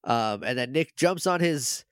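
A man's voice: medium pitch, animated, measured pace, fairly bright tone, clear, resonant tone, dry recording, clean studio sound. A young man co-hosting a podcast, casually recapping a show in a rambling way and slipping into silly character voices. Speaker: podcast co-host.

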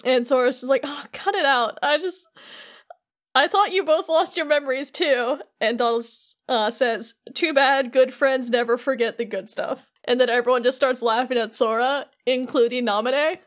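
A woman with a fairly high voice on a casual podcast. She walks through a story scene by scene and drops into quick quoted lines from the characters without changing her own voice. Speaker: podcast co-host.

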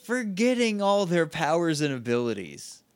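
A man's voice: fairly high pitch, sing-song, normal speed, no echo. A man co-hosting a podcast, chatting casually about a TV episode with wry, sarcastic asides. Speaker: podcast co-host. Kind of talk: casual chat recapping a TV episode.

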